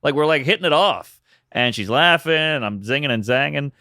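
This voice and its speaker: A man who is a comedian guest on a podcast, chatting casually in a home studio and dropping quick jokes. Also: on the high side, expressive, bright, forceful tone, no echo. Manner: quick, joking interjections. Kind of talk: casual chat.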